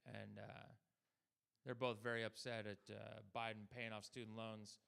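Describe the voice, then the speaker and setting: A young man performing a stand-up comedy set, talking deadpan to the crowd and slipping into mock voices for the people he quotes. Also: on the low side, a little slow, creaky, smooth.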